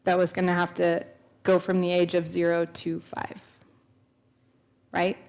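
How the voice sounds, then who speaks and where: A woman's voice: on the low side, monotone, unhurried, vocal fry, darkish tone. A woman in her thirties telling a personal testimony at a church, earnest and storytelling, acting out the dialogue she quotes. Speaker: speaker at a church. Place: church sanctuary.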